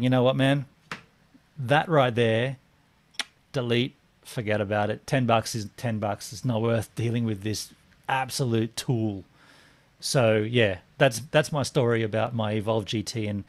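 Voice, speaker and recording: A man, co-hosting a casual chat and telling a story with lively acted-out quotes. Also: mid-range voice. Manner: animated storyteller, acts out quotes, swears. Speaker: podcast co-host.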